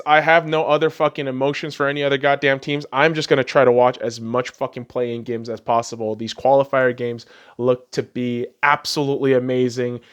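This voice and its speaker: A man's voice: mid-range voice, clean tone. A man hosting a podcast, delivering a solo sports rant full of heated profanity. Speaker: podcast host.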